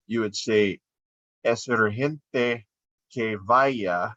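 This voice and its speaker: A man's voice: fairly low pitch, fairly bright tone, no room sound. A man teaching verb forms in a screen-recorded lesson, explaining unhurriedly as he draws on screen. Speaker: Spanish teacher. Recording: dull lo-fi dry sound.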